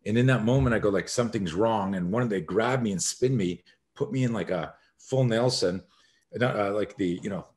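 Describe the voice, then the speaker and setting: Animated man telling a story, low voice. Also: moderate pace. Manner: animated storyteller who acts out scenes. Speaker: guest, self-defense expert. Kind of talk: storytelling in a podcast conversation.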